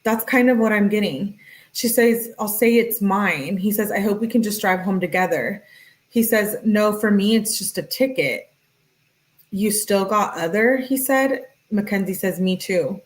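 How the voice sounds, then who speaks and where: A woman commentating on a true-crime case, reading a couple's text messages aloud in a brisk, matter-of-fact way and tagging each one with who sent it. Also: medium pitch. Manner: talks directly to viewers in chat.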